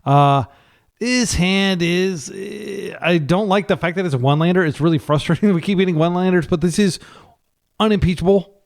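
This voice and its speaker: A man's voice: sits high, a little fast, vocal fry. A man from the United States giving live, chatty commentary on his card game, thinking aloud and correcting himself as he plays. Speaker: gameplay commentator.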